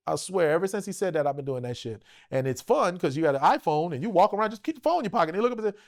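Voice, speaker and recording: Animated gravelly middle-aged man. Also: sits high, racing. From Los Angeles. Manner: animated, profane, acts out quoted voices. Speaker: actor guest. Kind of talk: casual interview storytelling.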